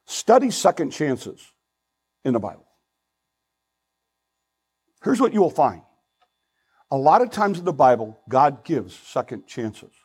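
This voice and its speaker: An older man preaching a sermon as pastor, earnest and pleading, swinging between loud emphasis and hushed asides. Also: on the high side, very animated, measured pace, long pauses, breathy edge, rough recording.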